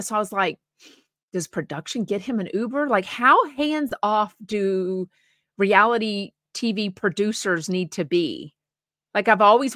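Woman, co-host, casual rambling chat, bright tone, mid pitch. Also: no echo, clean studio sound. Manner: chatty, rambling, sympathetic. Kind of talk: casual chat reading viewer comments.

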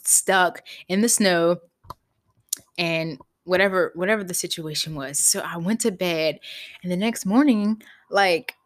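A young woman hosting a podcast, telling a personal story in a candid, animated way, swearing freely. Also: fairly low pitch, measured pace. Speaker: podcast host. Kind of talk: casual storytelling.

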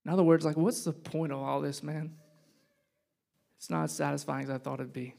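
High-voiced man preaching a casual sermon. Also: steady tone, a little fast, vocal fry. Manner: conversational and joking, swinging between loud punchy lines and hushed reflective ones. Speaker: pastor.

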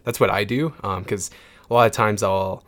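A young man hosting a casual gaming podcast, relaxed and upbeat, with plenty of fillers. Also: on the low side, moderate pace. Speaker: podcast host.

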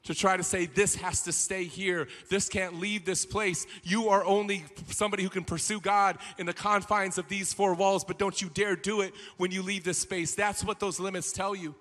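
A man preaching a sermon as pastor, swinging from quiet, low passages to shouted peaks. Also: steady tone, moderate pace, few pauses. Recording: long hall reverb.

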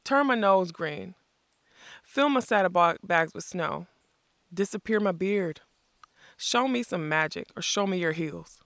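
A reader voicing a huge, gruff male outlaw with rough rustic grammar, in a storybook reading. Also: medium pitch, expressive, measured pace, a bit bright, no echo, clean studio sound. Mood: mocking.

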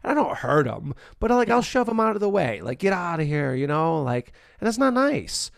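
A man's voice: high voice, sing-song, normal speed, creaky, no room sound, studio quality. A man hosting a candid conversation about recovery, blunt, profane and self-deprecating.

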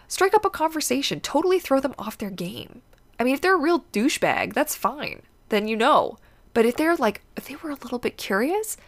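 A woman's voice: mid-range voice, gravelly. A young woman hosting a casual chat, talkative and laughing often, with a stuffed-up, congested nose. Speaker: podcast host.

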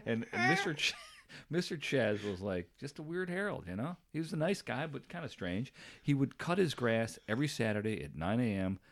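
A man's voice: medium pitch, brisk. A young man co-hosting a podcast, telling a story with lots of laughter and swearing. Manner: animated, laughs a lot, swears freely. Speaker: podcast co-host. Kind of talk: casual storytelling chat.

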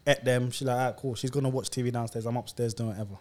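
A man's voice: mid-range voice, very fast. A young man, telling a story in a casual podcast chat and laughing as he goes. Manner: animated, laughing storyteller using slang. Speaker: podcast co-host.

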